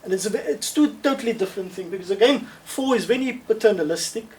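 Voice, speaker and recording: A man answers questions in an online webinar, speaking in a measured, thoughtful way with restarts and emphatic repetition, over a video call. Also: high-pitched, animated, darkish tone, far from the mic, a little hiss or hum, poor audio. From South Africa.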